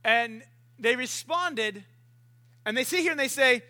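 A male preacher tells a story in a loose, chatty sermon, cracking jokes and acting out little voices. His voice sits very high with a sharp, bright edge to it. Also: expressive, a little slow.

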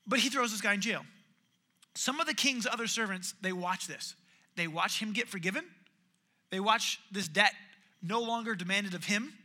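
Animated high-voiced male preacher. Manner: animated storytelling, acts out characters' voices. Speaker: pastor. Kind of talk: sermon.

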